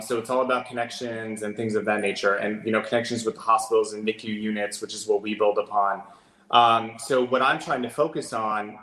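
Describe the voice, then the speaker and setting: An earnest man explains things at length in a conversational interview, often pausing on "um". His voice sits at an ordinary middle pitch and carries a noticeable roomy echo. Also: a bit bright. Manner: earnest, explanatory, with frequent ums. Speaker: adoption agency director.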